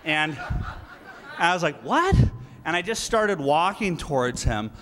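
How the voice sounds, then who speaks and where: A guest speaker at a political rally, this man gives a live speech in a large event hall, telling a story emphatically and with animation. His voice is fairly high and his pace measured; he breaks into laughter and acts out quoted lines. The recording is reverberant with faint noise.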